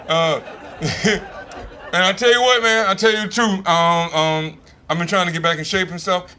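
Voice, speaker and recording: A man in his fifties with a Southern American accent, doing a stand-up comedy set in a relaxed, conversational and profane way. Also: a little high. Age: 50s. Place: comedy stage in front of a live audience.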